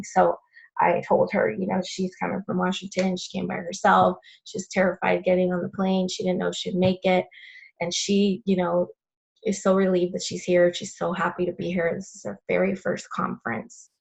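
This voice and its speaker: A woman's voice: fairly low pitch, gravelly. A woman hosting a video call, thanking members and retelling their stories with frequent laughs. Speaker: host of a team call. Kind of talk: casual chat.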